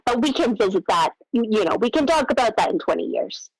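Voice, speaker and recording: A woman playing an earnest scientist calling a radio show, explaining in a halting, academic way full of ums, in an improvised comedy. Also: fairly high pitch, sing-song, gravelly, husky, full character voice, rough recording. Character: earnest female scientist caller.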